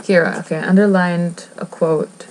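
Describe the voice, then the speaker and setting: A woman's voice: lowish voice, fairly even intonation, normal speed, darkish tone, a little hiss or hum, rough recording. A woman vlogger chatting casually as she reads a book aloud, rambling, giggling and cutting herself off. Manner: rambling, giggly, self-interrupting. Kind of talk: casual chat while reading a book aloud.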